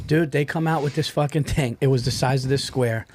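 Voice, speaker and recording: A podcast host telling a food story in casual, excitable talk, often saying "dude". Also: male voice, medium pitch, a little fast, few pauses, slight background noise.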